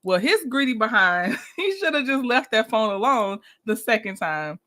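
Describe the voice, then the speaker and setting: Livestream host, woman, bright and somewhat high voice, chatty, laughs easily. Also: very animated, normal speed. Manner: chatty, greets viewers by name, laughs often. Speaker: livestream host reviewing a reality show. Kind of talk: casual livestream chat.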